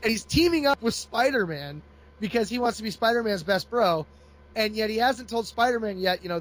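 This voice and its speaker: Speaking a little fast with a high-set voice, a man walks through a comic book plot in relaxed chat. He tells it with animation, laughing often and doing voices.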